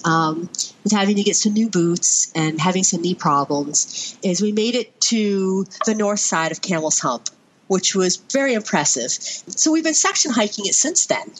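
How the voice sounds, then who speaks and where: A middle-aged woman from Vermont, a podcast guest, telling a story in a rambling, fond way with many fillers. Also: medium pitch. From Vermont, USA. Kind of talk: conversational storytelling.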